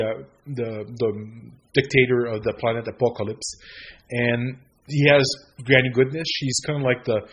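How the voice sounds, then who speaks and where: A man co-hosting a film review podcast, talking in a hesitant way with many fillers and trailing off quietly. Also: mid-range voice, a little hiss or hum. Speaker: podcast co-host. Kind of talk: casual film review chat.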